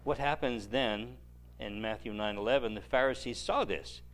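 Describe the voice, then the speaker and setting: Animated male preacher, dry humor. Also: mid-range voice, normal speed. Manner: animated storytelling with dry joking asides. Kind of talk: sermon.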